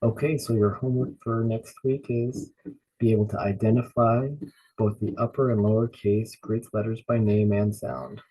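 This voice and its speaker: A man teaching an online beginners' lesson in biblical Greek, slowly drilling each word by repeating it several times. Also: on the low side, mellow, slightly rough, low-quality recording.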